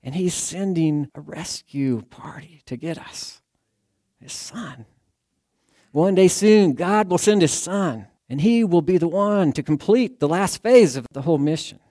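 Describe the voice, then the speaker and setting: A man preaching a sermon, telling a rescue story in an earnest storytelling way that sinks to a hush at the tense moments. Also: on the high side, animated, unhurried, no room sound, studio quality. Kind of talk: sermon illustration told as a dramatic story.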